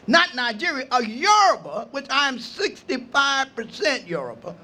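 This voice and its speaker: An older man, an imam, giving an impassioned outdoor speech at a park gathering, preaching with refrains and rising to shouts. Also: very high-pitched, big pitch swings, moderate pace. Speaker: imam speaking at a ceremony.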